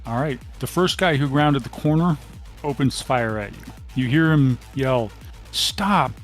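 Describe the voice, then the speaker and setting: A man serving as game master, narrating a tabletop role-playing session at a mid pitch. He lays out distances, gunfire and rolls in steady, descriptive sentences with occasional ums. Faint music sits underneath. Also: moderate pace.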